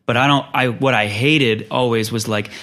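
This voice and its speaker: A man's voice: mid-range voice, steady tone, bright, forceful tone. A man who acts, talking casually and bluntly while telling stories about working with directors. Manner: blunt, storytelling, quick. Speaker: actor and podcast co-host. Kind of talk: casual conversation.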